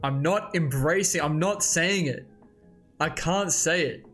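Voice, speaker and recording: A man hosting a casual comic read-along, reacting excitedly and thinking aloud as he goes. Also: fairly high pitch, unhurried, soft background music. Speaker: host.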